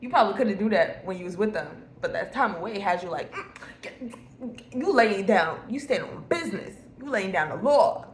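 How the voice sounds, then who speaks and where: A woman's voice: mid-range voice, lively intonation, a little fast. A woman giving a casual tarot reading to viewers, talking bluntly and swearing freely. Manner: blunt, profane and emphatic. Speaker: tarot reader. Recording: echoey room with faint noise.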